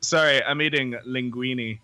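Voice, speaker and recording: A man's voice: medium pitch, steady tone, a little slow, bright, forceful tone, soft background music. A man co-hosting a podcast, rambling through the news with self-deprecating jokes and frequent laughs. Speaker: podcast co-host. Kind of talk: casual chat.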